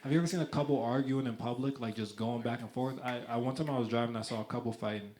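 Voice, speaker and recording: A man's voice: medium pitch, steady tone, fast, noisy background. A man doing a live stand-up comedy set, talking loosely with lots of restarts and acting out other people's voices. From United States. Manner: loose, conversational delivery with frequent restarts and acted-out voices. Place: comedy club stage. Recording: live club recording with clear crowd laughter.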